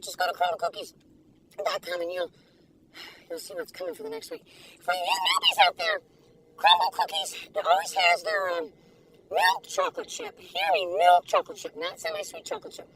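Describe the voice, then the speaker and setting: An older woman gushes and giggles through a casual food review, her voice gravelly and swinging widely in pitch. She sits in her car, a little away from the mic, with faint vehicle noise behind her. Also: sing-song, moderate pace, pauses often, sharp tone, far from the mic, rough recording. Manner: gushing, giggly, exclamatory. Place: inside a parked car.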